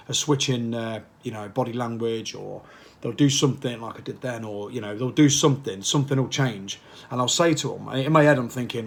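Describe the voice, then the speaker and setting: Male fitness coach, casual vlog chat, fired up and waffly. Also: mid-range voice. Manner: passionate, rambling, fires off repeated questions. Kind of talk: casual motivational talk to camera.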